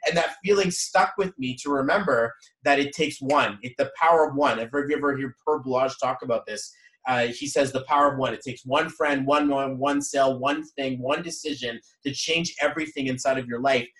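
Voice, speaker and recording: A man leading a men's numerology group, talking in a rambling, energetic, preachy motivational way. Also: medium pitch, moderate pace. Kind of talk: motivational group coaching talk. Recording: echoey room.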